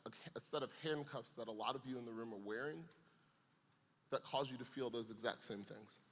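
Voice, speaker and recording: A young man with a medium-pitched, slightly bright voice speaks at a youth camp, telling a comic story with playful asides before turning serious. Long hall reverb colors the recording.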